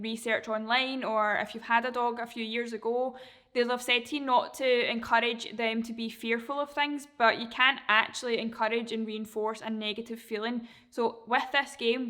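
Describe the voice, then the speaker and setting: Bright-voiced woman dog trainer. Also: fairly high pitch. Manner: relaxed, chatty, acts out dog reactions. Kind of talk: casual instruction.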